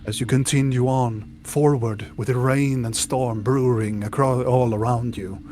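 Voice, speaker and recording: A man narrates as game master at an unhurried pace, painting each scene detail by detail. He often stops and restarts his sentences mid-thought. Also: medium pitch, steady tone, dark tone, slight background noise. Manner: descriptive, with restarts.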